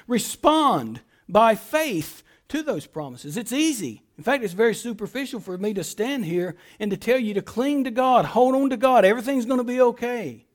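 A man preaching a sermon as pastor, swinging between loud emphatic lines and soft quiet ones, repeating phrases and restarting words. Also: high-pitched.

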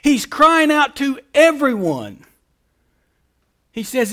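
A man preaching a sermon, moving between quiet, explanatory passages and loud, emphatic calls. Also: very high-pitched, big pitch swings, slow, long pauses. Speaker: pastor.

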